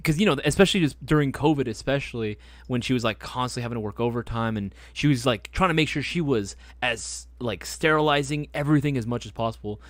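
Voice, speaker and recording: A man hosting a casual live stream chat, telling stories in an animated way, swearing freely and laughing often. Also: mid-range voice, quick pace, few pauses, dry recording. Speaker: host.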